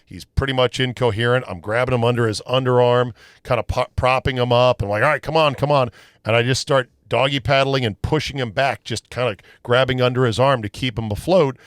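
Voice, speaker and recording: A man hosting a casual podcast chat, telling stories in a loose, profane, animated way. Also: medium pitch, fairly quick, no echo, clean studio sound. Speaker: podcast host.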